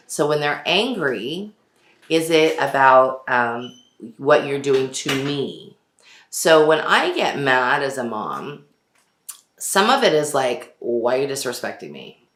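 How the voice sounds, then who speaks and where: A low-pitched woman in her forties chats casually as a host, laughing easily and padding her talk with fillers. Her voice rings in a noticeably echoey room. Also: fairly bright tone, slight background noise. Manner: chatty, laughs often, many fillers. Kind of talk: casual chat.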